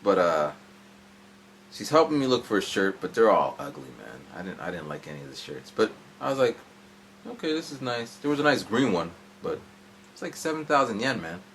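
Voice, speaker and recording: A man's voice: sits low, very animated, a little fast, a bit bright, a little hiss or hum. A man in his forties telling a long, rambling story in a casual vlog from home, jumping around as he goes. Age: 40s. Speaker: vlogger. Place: at home indoors.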